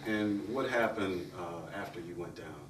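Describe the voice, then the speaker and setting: Deep-voiced male interviewer, roomy distance. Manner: measured, probing questions. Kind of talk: interview questions. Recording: roomy, distant mic, faint noise.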